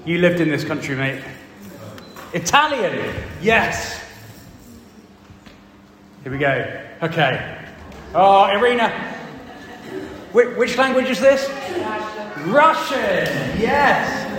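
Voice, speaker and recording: A man leading a lively church family talk, quizzing the children and reading from the Bible. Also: high-pitched, slow, long pauses. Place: large echoey church hall. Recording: echoey hall, distant mic.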